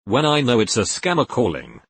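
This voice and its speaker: A man's text-to-speech voice reading forum posts aloud in a flat synthetic way, spelling out links letter by letter. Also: mid-range voice, fairly quick, creaky, slightly rough, dry recording.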